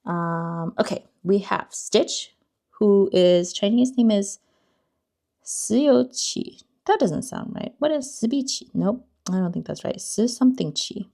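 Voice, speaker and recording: A woman's voice: mid-range voice, animated, measured pace, creaky, warm tone. A young woman hosting a casual card-opening vlog, chatty and self-deprecating, often unsure of words. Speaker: card-opening channel host.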